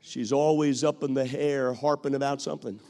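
A male preacher delivering a dramatic sermon, acting out quoted voices and swinging from loud to hushed. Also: mid-range voice, fairly even intonation, moderate pace.

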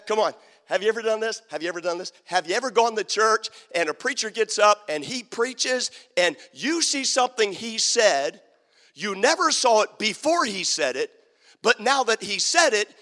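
Preacher man, shouting and hushed by turns. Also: high voice, expressive, normal speed, in a large hall. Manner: swings from quiet talk to shouted preaching. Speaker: pastor. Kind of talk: sermon. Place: church sanctuary.

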